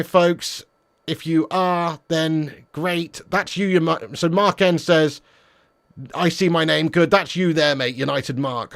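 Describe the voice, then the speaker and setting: A man hosting a football fan livestream, reading viewer comments with excitable, teasing banter. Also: a little high. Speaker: football fan channel streamer. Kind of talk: live stream chat, reading viewer comments.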